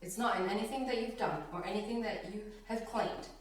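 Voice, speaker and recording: A woman's mid-range voice, brisk in pace, comes through a distant mic in an echoey room. She is a Bible teacher leading a conversational study, animatedly reading scripture and laughing between lines as she explains.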